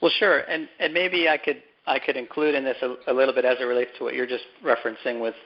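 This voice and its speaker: A man being interviewed as an author, speaking thoughtfully and haltingly, often repeating words as he gathers his thoughts. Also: medium pitch, steady tone, lo-fi sound. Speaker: author and guest. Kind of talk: conversational interview.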